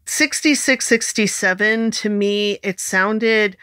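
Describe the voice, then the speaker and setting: Slow-talking woman with a bright voice co-hosting a music podcast, dry sound. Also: mid-range voice, no echo. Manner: unhurried, laughs often. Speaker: podcast co-host. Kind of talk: casual music podcast chat.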